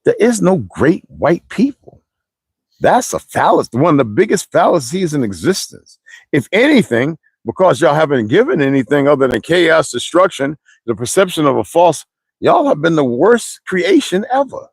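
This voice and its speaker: Animated, preachy man on a livestream. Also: a little high, moderate pace, creaky, slightly rough, dry recording. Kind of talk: rambling livestream monologue.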